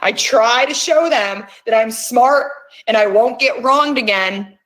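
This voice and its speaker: A woman's voice: a little high, a little slow, a bit bright. A middle-aged woman hosting, coaxing listeners with intense words and frequent swearing. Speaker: host. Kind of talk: guided emotional release session.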